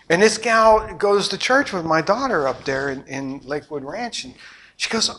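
Animated, bright-voiced middle-aged man preaching. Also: fairly high pitch. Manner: animated storytelling, swinging from loud to hushed. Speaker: pastor. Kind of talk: sermon.

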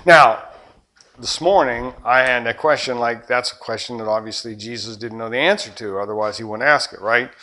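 A man preaching a sermon, animated, acting out scenes and shifting between loud and soft. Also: medium pitch, normal speed. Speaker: pastor.

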